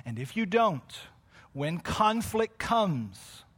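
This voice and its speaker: A man preaching a sermon to his congregation, dropping to quiet, close asides and rising to loud shouts, with frequent off-the-cuff self-corrections. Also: high voice, sing-song, takes it slowly, breathy edge. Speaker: pastor.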